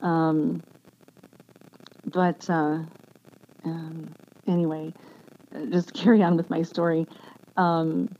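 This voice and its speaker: A woman giving an earnest, emotional personal testimony as an interview guest, speaking haltingly with many restarts. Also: low voice, little pitch movement, warm tone. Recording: dull lo-fi sound with faint background noise.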